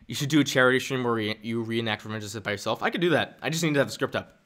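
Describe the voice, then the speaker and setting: Racing through his words at medium pitch, a young man chats casually on a live stream, laughing a lot and staying animated. He frequently trips over his sentences and starts them again.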